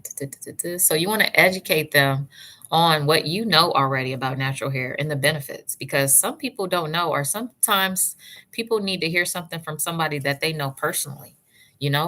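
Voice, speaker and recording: Woman hair vlogger, low pitch, bright forceful tone, chatty live-stream advice with friendly asides. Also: a little fast. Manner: warm, chatty, answers live chat by name, calls viewers sis and love; encouraging, advice-giving. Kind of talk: casual livestream chat.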